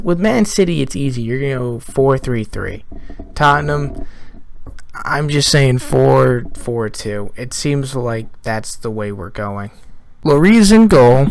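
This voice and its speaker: A man's voice: medium pitch, vocal fry, smooth. A man casually previewing a football match on his vlog, joking and rambling. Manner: jokey, rambling, asks viewers questions. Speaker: football fan vlogger.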